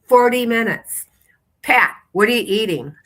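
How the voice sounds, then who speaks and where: A woman's voice: on the high side, lively intonation, measured pace, fairly bright tone. A woman chiropractor, a podcast guest, telling long rambling stories and acting out the people she quotes. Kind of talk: casual interview storytelling.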